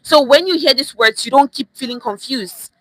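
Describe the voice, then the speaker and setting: A woman's voice: high voice, normal speed, a bit bright, no room sound. A young woman with a Nigerian accent teaching a chatty online language lesson, repeating phrases and dropping in pidgin words.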